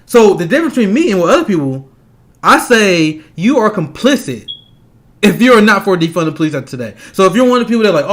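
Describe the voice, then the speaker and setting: A man's voice: sits high, animated. A man delivering a heated, profane political rant, angry and laughing scornfully between points. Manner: angry, fast, profane, laughs mid-sentence. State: agitated. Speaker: political commentator.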